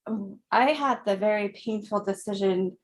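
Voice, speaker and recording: A woman in her thirties, a guest in an interview, speaking gently and reflectively, with frequent soft laughs. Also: medium pitch. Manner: slow, gentle, reflective, laughs softly often. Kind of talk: conversational interview.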